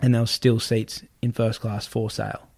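A man telling a story in casual talk, animated and swearing, acting out what other people said. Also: on the low side, normal speed, gravelly.

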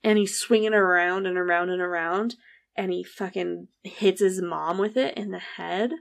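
Podcast host, female, gravelly fry, chatty true-crime storyteller. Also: fairly low pitch, fairly even intonation, moderate pace. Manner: chatty, recounts events with frequent "like" and quoted dialogue.

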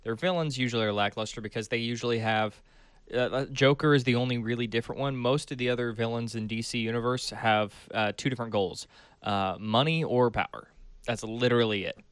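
A man's voice: medium pitch, fairly even intonation, a little fast, clean tone, no room sound. A man co-hosting a podcast in casual chat, easygoing and joking. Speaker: podcast co-host.

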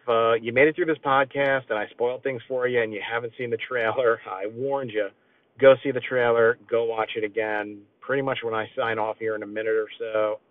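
A middle-aged man hosting a casual solo podcast, rambling excitedly with lots of fillers. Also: mid-range voice, dry recording, recorded from a distance. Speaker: podcast host. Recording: tinny phone-like lo-fi sound.

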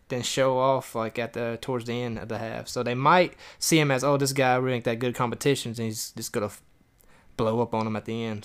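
A man's voice: medium pitch, fairly bright tone, clear, resonant tone. A man from New Jersey co-hosting a podcast, talking casually and enthusiastically with lots of fillers. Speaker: podcast co-host. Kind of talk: casual chat.

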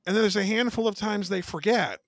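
A man's voice: sits high, fairly quick, a bit bright, no room sound, clean studio sound. A man co-hosting a casual horror podcast, rambling with many restarts and casual swearing. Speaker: podcast co-host. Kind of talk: casual chat.

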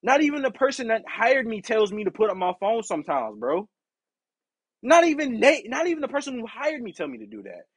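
A man hosting a podcast, telling a casual story in an animated, profane way and acting out the people in it. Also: extremely high pitch, a little fast, slightly rough, no room sound. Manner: animated, profane, acts out quoted exchanges. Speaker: podcast host.

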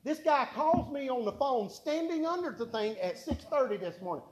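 A man's voice: high-pitched, animated, a little fast, few pauses, highs cut off, a little hiss or hum. A man preaching a sermon, telling folksy stories and repeating his points for emphasis. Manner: folksy storytelling with emphatic repetition.

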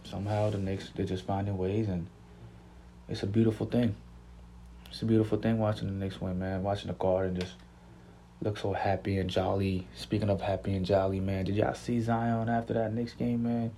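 Deep flat-voiced New man, laid-back. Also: normal speed, slight background noise. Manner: laid-back, slangy, repeats himself. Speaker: podcast host. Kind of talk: casual sports chat.

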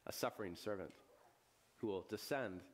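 A man as a pastor giving a sermon, retelling a scripture story with casual asides and chuckles, his voice jumping to loud, high bursts and then dropping to hushed, solemn lows. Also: normal speed. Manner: chuckles and asides in everyday speech.

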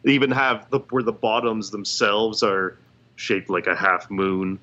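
A man's voice: lowish voice, steady tone, measured pace, sharp tone. A man co-hosting a casual podcast, explaining things loosely with trailing phrases. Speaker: podcast co-host. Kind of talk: casual chat. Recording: dull lo-fi sound.

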